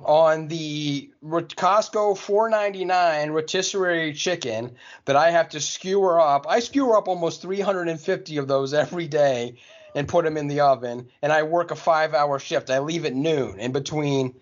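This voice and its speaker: A man's voice: a little high, normal speed. A man co-hosting a casual podcast, explaining things step by step with a chuckle and a few restarts. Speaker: podcast co-host. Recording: dull lo-fi audio.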